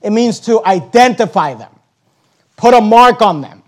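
A man, a pastor, preaching a forceful sermon in his church, repeating phrases for emphasis. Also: high-pitched, expressive, measured pace. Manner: forceful preaching with repetition, chuckles at himself.

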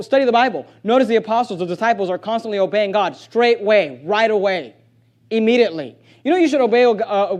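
High-voiced preaching man, emphatic. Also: muffled recording. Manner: emphatic preaching with sudden loud bursts. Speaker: pastor. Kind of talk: sermon. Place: church.

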